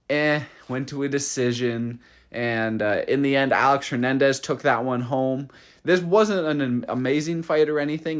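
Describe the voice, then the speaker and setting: Profane ranting young man recapping fights. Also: medium pitch. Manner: profane, ranting, excitable, with restarts. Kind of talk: casual solo recap vlog.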